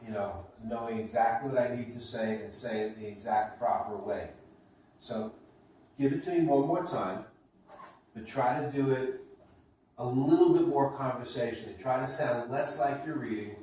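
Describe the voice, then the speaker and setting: A man's voice: mid-range voice, moderate pace, dark tone, far from the mic. A male sales trainer coaches a trainee with encouraging, instructive remarks and the odd joke. He sits well back from the mic in a very echoey room, with a faint hum of ambience behind him. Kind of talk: coaching a role-play reading.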